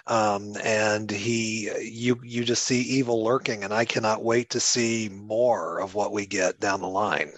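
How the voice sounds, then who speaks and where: A man co-hosting a casual film-review chat, enthusiastic but halting, restarting his sentences often. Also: fairly low pitch, little pitch movement, a bit bright, no room sound. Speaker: podcast co-host.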